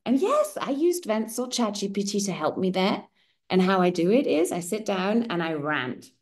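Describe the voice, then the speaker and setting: A middle-aged German-native woman hosts a circle and shares a personal story. She talks candidly and expressively, at a middle pitch, and often checks in with her listeners. Her tone is open and conversational. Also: sing-song, normal speed. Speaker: women's circle host.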